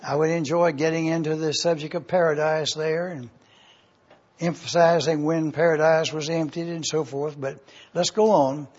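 A man teaching a sermon slowly and deliberately, repeating points for review. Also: on the high side, a little mellow. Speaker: preacher. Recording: dull lo-fi recording.

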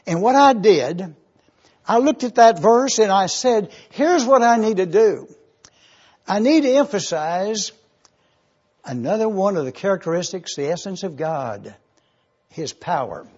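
A man's voice: high-pitched, expressive, unhurried, pauses often, darkish tone, husky, dull audio. A man preaching an evening sermon, teaching from scripture and stretching out key words for emphasis. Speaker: pastor.

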